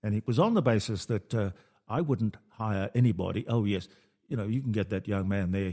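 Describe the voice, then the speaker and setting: A man's voice: lowish voice, a little fast, dark tone. A man hosting a radio talk show, telling stories in casual chat and quoting people animatedly.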